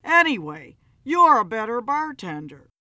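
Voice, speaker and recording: A woman reading a story, voicing a gruff male barfly with a croaky, sneering way of talking. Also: on the high side, big pitch swings, measured pace, no echo, studio quality, full character voice. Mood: surly. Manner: sneering, loud. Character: gruff surly male barfly, hard drinker.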